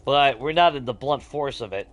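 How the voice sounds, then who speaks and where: A man's voice: medium pitch, moderate pace, noisy background. A man, talking casually while he plays, ranting with heavy swearing. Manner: profane, animated ranting with laughs. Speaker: gaming streamer. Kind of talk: casual ranting chat over gameplay.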